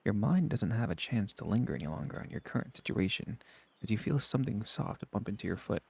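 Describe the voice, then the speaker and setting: A man's voice: lowish voice, animated, fairly quick, vocal fry, darkish tone, husky. A man streaming, reading a visual novel aloud and joking with his viewers in crude asides.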